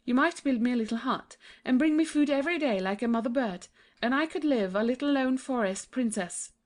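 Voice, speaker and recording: A woman's voice: sits high, fairly quick, close to an everyday voice. A woman voicing a young, trusting princess, earnest and pleading in a childlike way.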